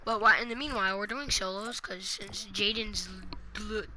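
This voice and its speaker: A young male streamer chatting casually while playing an online game, quick to swear and rage. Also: sits high, noisy background. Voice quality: excitable, swears casually, talks to chat. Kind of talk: casual gaming stream chat.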